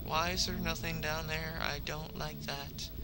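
A man's voice: a little high, measured pace, very noisy. A man giving casual, rambling commentary while playing a video game, talking back to the game when things go wrong. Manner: rambling, excitable, scolds the game aloud. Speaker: let's play commentator. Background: game music.

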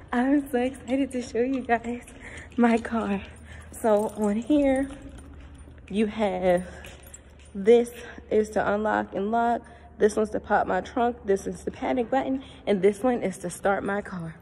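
A young woman vlogging casually outdoors, chatty and excitable, talking straight to her viewers on a handheld phone. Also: mid-range voice, a little slow, slight background noise. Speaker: lifestyle vlogger. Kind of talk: casual vlog tour. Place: outdoors, rooftop and parking area.

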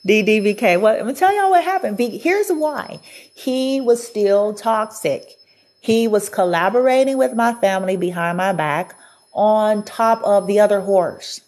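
A woman's voice: mid-range voice, unhurried, a little mellow. A woman vlogger telling a personal story in a chatty, casual way, often laughing and acting out what people said.

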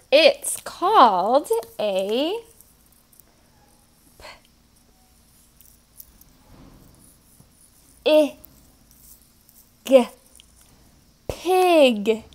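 A young woman leading children's story time, coaxing little ones to repeat simple words and sounding them out letter by letter in a sing-song way. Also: on the high side. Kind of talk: teaching toddlers words.

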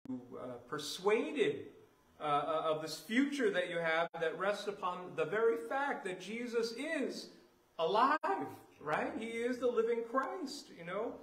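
A man's voice: high voice, fairly bright tone, roomy sound, rough recording. A man preaching a sermon as pastor, talking through scripture in a loose, conversational way full of "you know" and "uh", then swelling into emphatic declarations. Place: church sanctuary.

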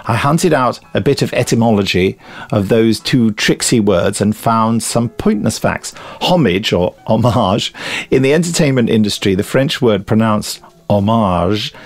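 A man co-hosting a podcast, chatting casually and reading listener emails aloud in a lively, amused way. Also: lowish voice, moderate pace. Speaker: podcast co-host.

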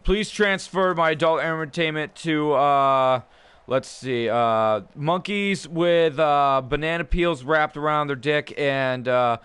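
Foul-mouthed excitable male game streamer. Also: on the high side, clear, resonant tone, no echo. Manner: profane, excitable, quick to laugh. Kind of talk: casual livestream commentary.

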